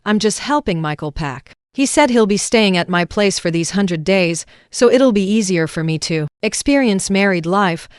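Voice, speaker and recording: Woman doing a fake-sweet young schemer, soft and sugary, clean dry story read. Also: mid-range voice, expressive, moderate pace, hardly any pauses, smooth, no room sound, natural voice.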